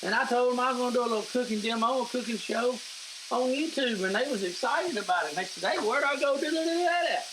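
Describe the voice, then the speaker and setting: A man's voice: very high-pitched, fast talker, noisy background. A middle-aged man hosting a casual home cooking demo, chatty and folksy, talking to viewers as guys. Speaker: cooking show host. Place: home kitchen.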